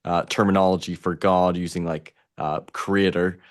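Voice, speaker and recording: Low, flat-voiced male host, asks rambling, hesitant questions. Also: moderate pace. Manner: hesitant, question-asking, many fillers. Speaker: podcast host. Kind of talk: casual interview.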